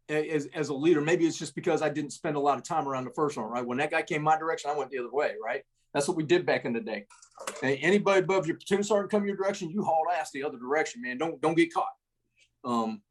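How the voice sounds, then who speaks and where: A husky, slightly high-voiced middle-aged man spins salty stories as a podcast guest. He talks casually and animatedly, ending lines with "man.". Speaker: retired army first sergeant, guest. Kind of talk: casual storytelling.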